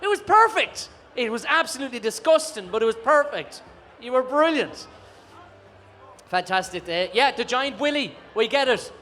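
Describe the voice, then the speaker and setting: A man's voice: very high-pitched, lively intonation, normal speed, a bit bright, slight background noise. A man hosting a live film night, upbeat and teasing. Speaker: host.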